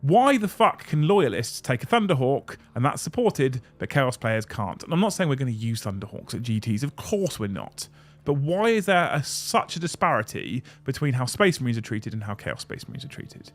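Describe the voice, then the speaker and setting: A man's voice: mid-range voice, big pitch swings, moderate pace, hardly any pauses. A man hosting a casual livestream, ranting bluntly and swearing as he reads viewer messages. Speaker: streamer host reading super chats.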